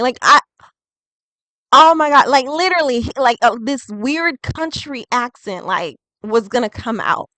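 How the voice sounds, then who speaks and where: A woman's voice: sits high, lively intonation, measured pace, bright, forceful tone, no room sound, rough recording. A woman doing a casual tarot reading vlog, chatty and rambling, full of "like". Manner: chatty and rambling, heavy use of "like". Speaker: tarot reader.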